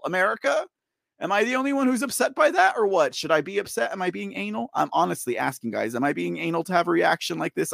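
Talking to his viewers live, this news show host rants in exasperation, laughs a lot, repeats himself and reads from chat. He speaks quickly in an animated, high-pitched voice with vocal fry and a bit of brightness, captured in clean studio sound with no room echo.

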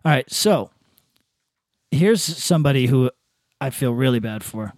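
A man's voice: medium pitch, expressive, measured pace, darkish tone, dry recording, studio quality. A man co-hosting a casual podcast, reading online comments aloud and mocking them with profanity. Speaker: podcast co-host.

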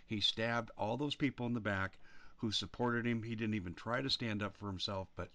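A man's voice: lowish voice, normal speed, sharp tone, dry recording. A man hosting a talk show, rambling, blunt and emphatic in casual political chat.

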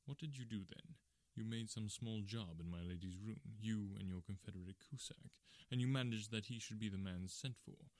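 A man voicing a calm, stern middle-aged male detective in measured, quiet tones in an audiobook. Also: on the low side, no room sound, close to an everyday voice. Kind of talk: audiobook character reading.

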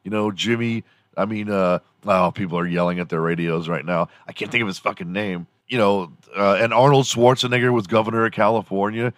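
A man's voice: fairly low pitch, steady tone, brisk, no echo, studio quality. A man hosting a morning show alone, ranting casually in a loose, profane, rambling way. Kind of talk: casual solo rant.

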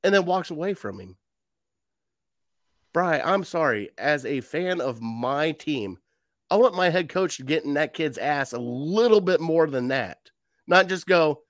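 A man's voice: fairly high pitch, animated, measured pace, fairly bright tone, no room sound, studio quality. A man co-hosting a casual sports talk show, ranting heatedly. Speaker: podcast co-host.

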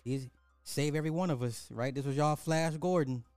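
A man's voice: a little high, moderate pace, a little mellow, clean tone, no room sound, faint music behind. A man giving reaction commentary, rambling and trailing off mid-sentence.

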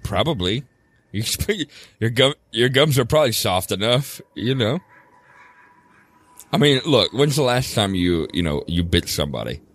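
A man's voice: lowish voice, big pitch swings, normal speed, a bit bright. A man playing his character in a tabletop game, wheedling and playful, chuckling as he talks. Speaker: player.

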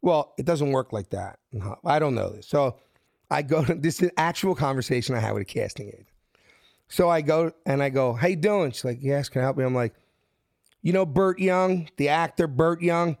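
Man, Philadelphia accent, middle-aged, raised pitch, lively storyteller, dry close sound. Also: creaky, dry recording. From South Philadelphia. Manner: acts out quotes with shifting pitch, lively and fast. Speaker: guest telling his life story. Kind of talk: animated storytelling.

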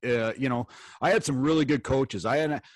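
Ex hockey player host, rambly, lots of uh and um, dry close mic. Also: male voice, mid-range voice, dry recording. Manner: rambling, halting storytelling with fillers. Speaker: podcast host, former pro hockey player. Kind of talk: casual chat.

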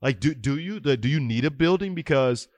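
A man's voice: mid-range voice, expressive, a little fast, a little mellow, no room sound. A man in his thirties, a youth football coach and podcast guest, telling stories animatedly and acting out the dialogue. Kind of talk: casual interview storytelling.

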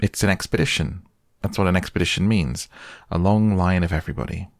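A self-assured young storybook boy explains things breezily, as a man reads him. The voice stays low and gravelly, close and dry. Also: brisk, no echo. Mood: breezy. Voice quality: breezy, matter-of-fact. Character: young boy, confident and careless.

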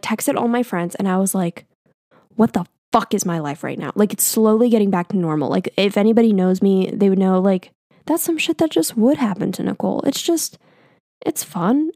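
Chatty young woman with vocal fry. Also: medium pitch, mellow, dry recording, clean studio sound. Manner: chatty, filler-heavy with lots of "like", casual swearing. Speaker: vlogger telling a personal story. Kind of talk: casual storytime monologue.

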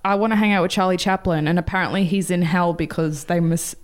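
A woman's voice: lowish voice, fairly even intonation, fast. A woman hosting a podcast and telling a story in a casual, rambling, chatty way. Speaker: podcast host.

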